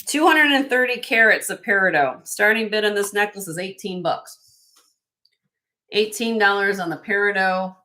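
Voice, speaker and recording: A woman's voice: medium pitch, normal speed, pushed and bright. A woman hosting a live online jewelry auction, chatting upbeat with viewers and laughing often. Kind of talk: live-stream auction chat.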